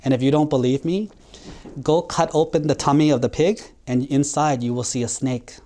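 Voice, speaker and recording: A man voicing a calm, wise monk brother in a story for children, speaking firmly and plainly. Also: on the high side, moderate pace, natural voice. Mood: explaining. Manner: calm, firm, explaining. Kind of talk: storytelling sermon for kids.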